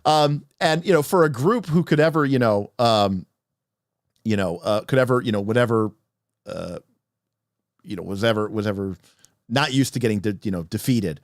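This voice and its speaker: A man narrating a tabletop game story on a livestream as game master, animated and rambling with restarts. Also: lowish voice, moderate pace, long pauses, no room sound, studio quality.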